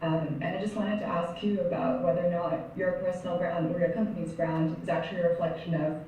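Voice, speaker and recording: Woman, audience question, polite, hesitant, lowish voice, very echoey room, faint hum. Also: little pitch movement, a little fast, mellow. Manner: polite, hesitant, filler-laden. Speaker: audience member asking a question. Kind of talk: formal question from the floor. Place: lecture room. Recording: very echoey hall with faint noise.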